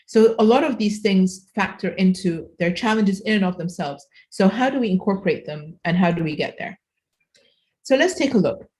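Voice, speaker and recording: A woman's voice: medium pitch, a little mellow. A woman from Egypt, giving a conference keynote lecture, explaining with frequent fillers and self-corrections. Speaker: keynote speaker.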